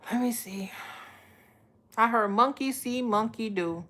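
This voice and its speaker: A woman's voice: on the high side, a little slow, bright, forceful tone. Blunt, profane woman reading tarot live. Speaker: tarot reader.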